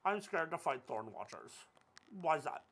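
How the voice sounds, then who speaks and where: Young guy gaming and rambling, swears a lot, voice sits kinda high and bounces around. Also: big pitch swings, normal speed, creaky, a bit bright. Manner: jokey, rambling, swears at the game. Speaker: gaming video creator. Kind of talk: casual gameplay commentary.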